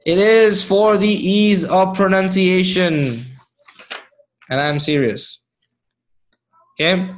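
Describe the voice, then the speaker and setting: A man's voice: high voice, slow pace, long pauses. A man teaching Arabic grammar to a live class, patient, often checking whether students follow.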